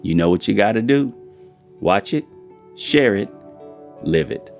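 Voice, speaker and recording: A man hosting a daily devotional show, preaching and retelling a parable in an energetic, folksy way. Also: fairly low pitch, unhurried, soft background music. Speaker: host.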